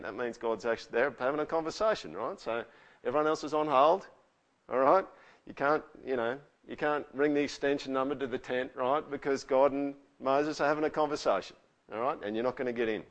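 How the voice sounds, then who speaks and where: A man's voice: medium pitch, brisk, highs cut off. A man preaching a conversational sermon, often asking the listeners questions. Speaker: pastor.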